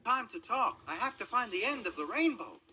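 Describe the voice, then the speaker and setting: A man voicing an eager, impatient young male tank engine who talks in excited, breathless bursts. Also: high-pitched, brisk, slight background noise, pitched above the performer's own voice, exaggerated voice. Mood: hurried. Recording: music playing underneath.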